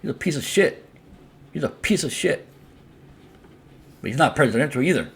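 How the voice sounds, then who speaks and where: A man's voice: a little high, expressive, moderate pace, husky. A man in a heated, casual rant, blunt and profane, repeating his points for emphasis. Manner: repetitive, emphatic.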